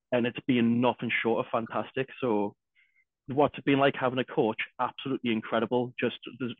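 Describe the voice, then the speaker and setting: A man's voice: mid-range voice, no echo. A man co-hosting a podcast, talking casually and energetically, swearing often. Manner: heavy swearing, energetic, restarts. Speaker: podcast co-host. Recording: dry tinny phone-like sound.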